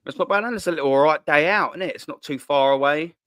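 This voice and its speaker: A man's voice: fairly high pitch, fast talker, a bit bright, smooth, dry recording, clean studio sound. A man with a London accent chatting casually on a video call, rambling through travel stories and swearing now and then. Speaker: guest on a fan show. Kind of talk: casual chat.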